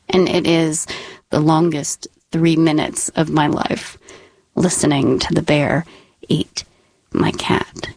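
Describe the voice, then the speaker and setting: A woman telling a personal story with wry, deadpan humor, dropping to dramatic whispers. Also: sits low, takes it slowly, creaky, long pauses, dry recording.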